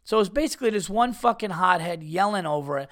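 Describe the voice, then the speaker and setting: A man's voice: high-pitched, lively intonation, fast talker, fairly bright tone. A man hosting a podcast, telling a rambling, profane story in a casual way and laughing at his own tale. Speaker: podcast host.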